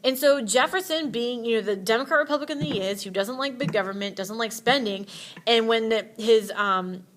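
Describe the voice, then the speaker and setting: Chatty woman teacher, fairly high voice. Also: a little fast, a bit bright, a little hiss or hum. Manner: casual and chatty, with playful asides. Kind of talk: classroom history lecture.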